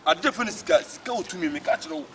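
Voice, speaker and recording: A quarrelsome, money-obsessed man, played by a man in a comedy skit who argues in a high, bright voice. He talks at a breakneck clip and keeps insisting on his point. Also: sing-song, gravelly, slight background noise, full character voice. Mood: boastful. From Ghana. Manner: rapid, insistent and argumentative.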